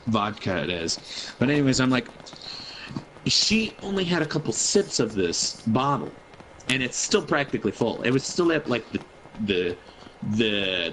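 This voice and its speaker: A man's voice: medium pitch, a bit bright, a little hiss or hum, poor audio. A man in his twenties, a gaming streamer, telling a rambling, profane story over his gameplay.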